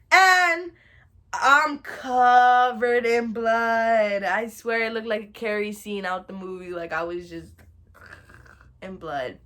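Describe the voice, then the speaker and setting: A young woman telling a funny childhood story in a casual storytime, animated and dramatic, laughing as she goes. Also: lowish voice. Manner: animated and dramatic, shouting and wailing re-enactments.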